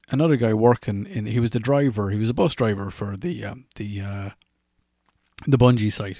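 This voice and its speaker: A man's voice: lowish voice, vocal fry, a little mellow, dry recording, studio quality. An Irish man in his forties, a podcast host rambling through funny anecdotes and laughing at his own stories. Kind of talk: casual anecdotal storytelling.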